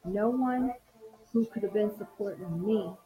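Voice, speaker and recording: A middle-aged woman sharing a personal story in a soft-spoken, reflective way. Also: medium pitch, a little slow, dull audio. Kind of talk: personal testimony talk. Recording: music playing clearly behind.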